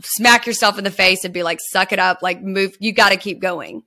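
Woman podcast host, bright and sharp-toned, chatty, upbeat, casually profane. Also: mid-range voice, brisk. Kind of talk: casual interview.

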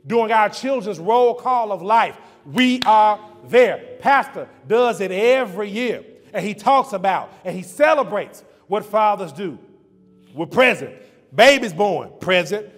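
High-voiced man preaching in a reverberant hall. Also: expressive, unhurried. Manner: rhythmic rhyming preaching with call-and-repeat lists. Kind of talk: church sermon on fatherhood.

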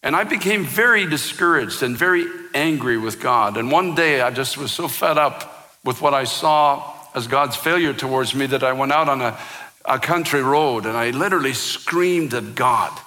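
A man's voice: mid-range voice, normal speed, bright, forceful tone, in a large hall. A man preaching a sermon as pastor, telling a personal story with impassioned, rising intensity.

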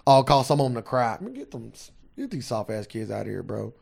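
A man co-hosting a casual podcast, ranting and swearing freely, his voice jumping up high and loud when he gets heated. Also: very animated, fairly quick, gravelly, slightly rough. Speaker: podcast co-host.

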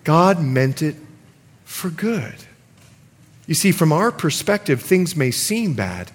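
Lively high-voiced male pastor. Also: unhurried, slightly rough. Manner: animated, playful, coaxing the audience. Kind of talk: sermon. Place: church sanctuary. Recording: long hall reverb, congregation audible. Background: congregation.

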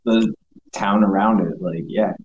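A man's voice: lowish voice, steady tone, a little slow, a little mellow, highs cut off, a little hiss or hum. A man chatting casually as a co-host, loose and slangy with lots of fillers. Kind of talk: casual chat.

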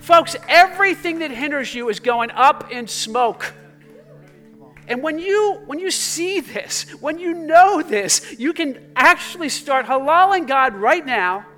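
Male pastor, very high voice, fervent sermon, hushed-to-loud swings, faint music behind. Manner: swings between fervent exclamations and hushed, soft passages; jokey asides to the congregation.

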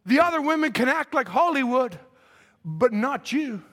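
High bright-voiced fervent preacher man. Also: lively intonation, moderate pace. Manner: impassioned preaching that swells into shouts. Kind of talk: fervent sermon. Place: church sanctuary.

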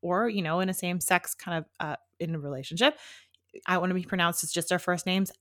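A woman's voice: on the low side, fairly even intonation, fairly quick, fairly bright tone, dry recording, studio quality. A woman co-hosting a casual chat about weddings, giving practical advice and laughing easily. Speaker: wedding podcast co-host.

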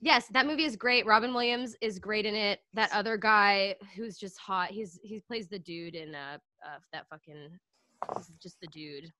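A woman who acts joins a podcast as a guest and chats casually, playful and joking. Her voice sits at an ordinary middle pitch. The sound is dry and close, with no room to it. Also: moderate pace, sharp tone, dry recording. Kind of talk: casual chat.

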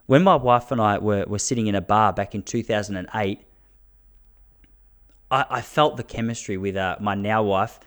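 This Australian man in his thirties, a comedian and podcast host, has a fairly low, clear and resonant voice at normal speed. He chats animatedly through stories in a casual monologue, restarting frequently.

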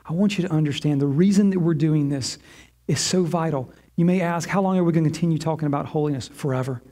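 A man with a high voice preaching a sermon in a church. He builds his phrases through emphatic repetition and speaks as the pastor addressing his congregation. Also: fast talker, warm tone. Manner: emphatic preaching, repeating words for effect.

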